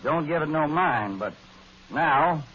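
A drawling folksy cowboy star. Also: male voice, on the high side, animated, slow, fairly bright tone. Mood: pleading. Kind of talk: 1940s radio acting. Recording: lo-fi old radio broadcast.

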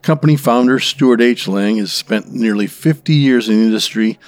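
A man co-hosting a drinks show, reading out a brand's history in a steady manner. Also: medium pitch, moderate pace, dry recording. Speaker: co-host presenting background. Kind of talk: read-aloud background segment.

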